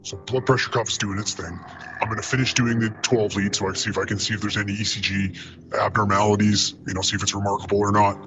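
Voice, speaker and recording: A man's voice: lowish voice, quick pace, noisy background. Profane storytelling man on lo-fi line. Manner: profane, animated retelling with acted quotes. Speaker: paramedic telling a story. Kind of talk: casual storytelling.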